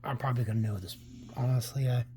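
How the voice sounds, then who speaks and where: A man's voice: mid-range voice, quick pace, mellow, slight background noise. A man hosting a casual comic book read-through, rambling with many fillers and restarts. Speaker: comic book channel host.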